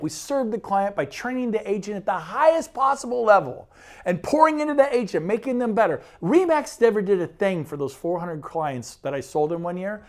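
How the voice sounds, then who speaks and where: A man, a real estate broker, giving an enthusiastic and persuasive sales pitch presentation. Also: gravelly, a little mellow. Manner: enthusiastic, persuasive, rapid lists.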